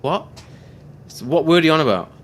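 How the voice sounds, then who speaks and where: A man's voice: on the high side, expressive. Chatty man. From England, near Birmingham. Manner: chatty storyteller, self-mocking, quick to joke. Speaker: podcast host. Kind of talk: casual livestream chat.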